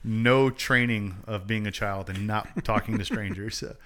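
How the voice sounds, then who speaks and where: A man's voice: fairly low pitch, steady tone, a bit bright. Joking man retelling a story. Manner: jokey, acts out characters in quick asides. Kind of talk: casual chat retelling a book.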